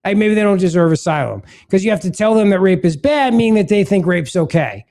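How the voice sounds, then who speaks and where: A man's voice: high-pitched, lively intonation, fast, a little mellow. A man hosting a political talk podcast, reading texts aloud and adding sarcastic asides. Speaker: podcast host.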